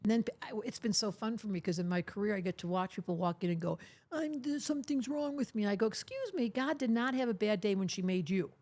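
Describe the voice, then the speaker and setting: An older woman, an astrologer appearing as a podcast guest, talks emphatically and teasingly, often acting out the voices of people she quotes. Her mid-range, darkish voice is animated and quick, with few pauses.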